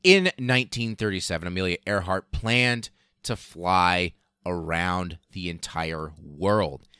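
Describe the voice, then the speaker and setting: A man hosting a podcast, telling history casually, swearing for emphasis and speeding up and slowing down. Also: low voice, lively intonation, bright, forceful tone, smooth, no echo, clean studio sound. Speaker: podcast host.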